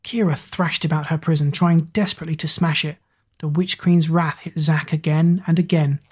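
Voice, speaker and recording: A woman narrating a dramatic fantasy story aloud in a steady, dramatic way. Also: sits low, moderate pace, slightly rough. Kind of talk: storybook reading.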